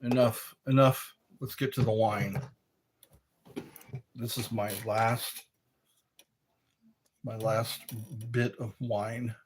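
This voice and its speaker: A man's voice: flat delivery, slow, long pauses, background noise. A middle-aged man hosting a casual livestream, rambling and reading chat messages aloud. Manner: rambling, reads chat aloud, breaks into high howls and quoted lines. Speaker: livestream host.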